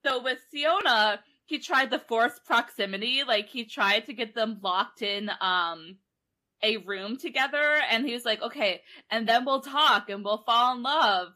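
A woman's voice: a little high, unhurried, bright, forceful tone. A young woman casually recapping a book on a podcast, rambling, laughing and acting out characters' lines. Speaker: podcast co-host. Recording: online call recording.

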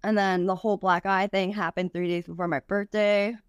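A woman's voice: mid-range voice, little pitch movement, brisk, smooth, no echo, studio quality. A young woman, a podcast guest, tells a personal story candidly, with frequent swearing and many "like" fillers.

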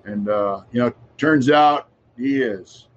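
A man's voice: mid-range voice, slow pace. A middle-aged man in casual chat, telling his story in a laid-back, rambling way and trailing off to a mutter. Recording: dull lo-fi sound.

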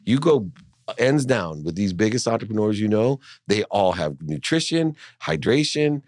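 A middle-aged man with a very low, deep voice tells a personal story in an interview, earnest and animated. The sound is dry and close, with no room echo. He leans into the emotion and pushes his points hard. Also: normal speed. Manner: earnest, animated, acts out his mother's voice in dialogue. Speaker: guest, entrepreneur and speaker.

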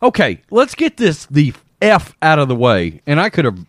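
A man's voice: on the high side, huge pitch swings, normal speed, dry recording, clean studio sound. A middle-aged man hosting his own sports show, ranting bluntly and with irritation in an opinionated monologue. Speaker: sports commentary host.

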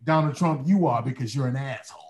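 A man's voice: mid-range voice, fast, crowd noise. A man with a Chicago accent hosting a casual podcast, rowdy and profane, laughing and talking like he's drunk. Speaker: podcast host. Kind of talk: loud casual banter.

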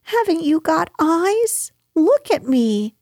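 Piglet: a woman doing a squeaky timid little piglet. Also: sing-song, takes it slowly, darkish tone, no room sound, clean studio sound, exaggerated voice. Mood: indignant. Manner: squeaky, stammering, indignant. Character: small timid anxious male piglet. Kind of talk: storybook reading.

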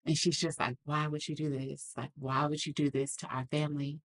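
Woman guest, deep voice for her sex, earnest reflective storyteller. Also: flat delivery, fairly quick. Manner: earnest, reflective, acts out quoted lines. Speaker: podcast guest. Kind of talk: candid personal storytelling.

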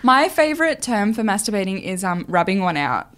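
A woman's voice: mid-range voice, big pitch swings, brisk, noisy background. A young woman co-hosting a podcast, cheeky and bubbly, laughing a lot. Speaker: podcast co-host. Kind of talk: casual chat.

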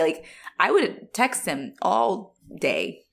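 Young woman co-host, low-ish voice with big swooping pitch, swears freely, laughs a lot. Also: a little fast. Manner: animated, profane, laughs often. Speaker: podcast co-host. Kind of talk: casual chat reviewing a horror movie.

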